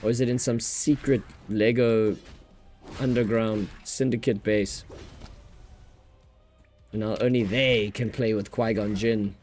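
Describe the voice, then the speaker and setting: A man's voice: fairly low pitch, steady tone, a little slow, long pauses, a little mellow, faint music behind. A man with a New Zealand accent hosting a casual gaming livestream, rambling and joking as he talks and laughs often.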